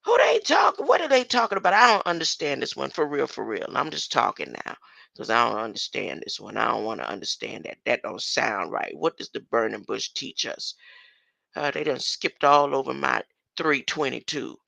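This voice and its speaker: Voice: mid-range voice, normal speed, vocal fry, bright, forceful tone, dry recording. An older speaker in a rambling solo monologue who reads scripture verses aloud, argues with them, laughs often and keeps asking "huh?". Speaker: self-styled scripture commentator.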